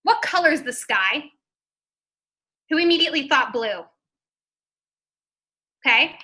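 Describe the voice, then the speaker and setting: A woman coach leading a live training seminar, talking quick and loud, close to yelling. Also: high-pitched, expressive. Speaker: life coach.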